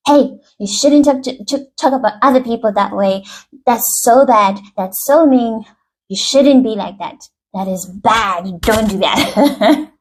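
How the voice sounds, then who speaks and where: A woman's voice: fairly high pitch, a little slow, breathy edge. A woman playing a scolding parent. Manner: stern, clipped scolding. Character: scolding parent reprimanding a child.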